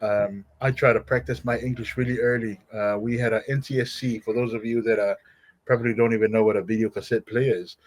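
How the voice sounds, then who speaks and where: A man from Samoa with a Samoan accent, a podcast guest telling stories in a conversation, animated and laughing as he talks. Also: medium pitch, fairly quick. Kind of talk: storytelling in a conversational interview.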